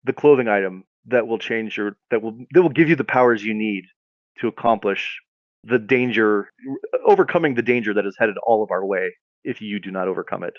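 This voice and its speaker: A man's voice: fairly low pitch, brisk, no echo, highs cut off, lightly acted. A man voicing a tiny talking male dog who is an earnest, insistent spirit guide.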